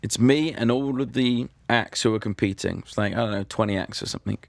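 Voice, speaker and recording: British male comedian guest, gravelly voice, dry close sound, deadpan storyteller. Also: fairly low pitch, a little fast, no room sound. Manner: dry, self-deprecating storyteller. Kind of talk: casual anecdote telling.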